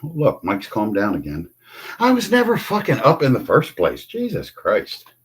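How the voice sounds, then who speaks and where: An older man in an angry, profane livestream rant, confrontational and shouting at times. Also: mid-range voice, wildly swooping pitch, unhurried, slightly rough.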